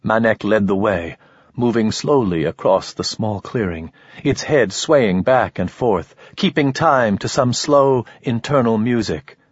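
A man reading a novel aloud in steady, even scripted narration. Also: lowish voice, a little slow, husky, no room sound, lo-fi sound. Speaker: audiobook narrator.

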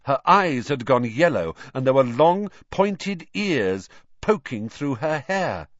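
A man reads a storybook aloud with lively, rising and falling pitch. He is expressive and animated. The recording is dull and dry. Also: slow pace, dry recording. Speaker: audiobook narrator. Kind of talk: scripted storybook narration.

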